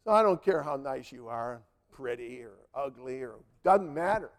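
A man's voice: mid-range voice, lively intonation, normal speed. A man preaching a sermon, telling stories emphatically and with animation.

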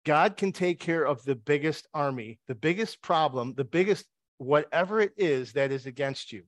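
A man's voice: a little high, expressive, normal speed, no echo, clean studio sound. Wry, chatty male preacher. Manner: chatty storytelling with wry asides and rhetorical questions. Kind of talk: conversational sermon.

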